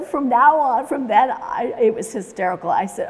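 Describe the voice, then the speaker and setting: A woman's voice: a little high, normal speed, hardly any pauses, darkish tone, slight background noise. Chatty woman demonstrating painting, reverberant room. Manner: chatty, narrates each step as she paints; laughs easily while telling stories. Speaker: watercolor painting instructor. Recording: long reverb in a large room.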